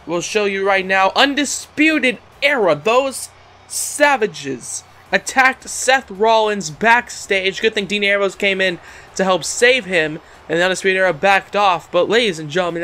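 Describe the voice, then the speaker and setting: A man doing casual play-by-play commentary over a wrestling video game, excitable and often stumbling and repeating words. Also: sits high.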